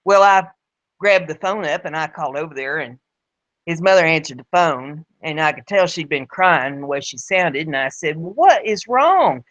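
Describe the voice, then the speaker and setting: A woman's voice: deep voice, moderate pace, a bit bright. A woman tells a story in a plain, folksy way, often repeating her words. The sound is dull and lo-fi. The room is dry, with no echo. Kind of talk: spoken storytelling. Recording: dull lo-fi recording.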